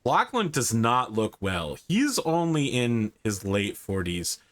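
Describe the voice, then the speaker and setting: A man's voice: mid-range voice, big pitch swings, slow, a bit bright. A man running a tabletop game as game master, describing scenes loosely with many fillers.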